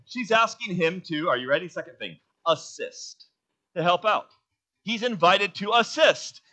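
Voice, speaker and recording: A man's voice: high voice, bright, forceful tone, dull audio. A man preaching a sermon as pastor, emphatic, asking the congregation questions and answering them himself.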